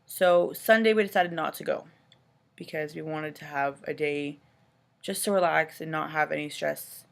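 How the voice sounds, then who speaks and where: With a deep voice and vocal fry, a new mother from Canada talks at normal speed, retelling a distressing personal experience in an upset, exasperated ramble. Her casual speech is packed with "like" and "you know."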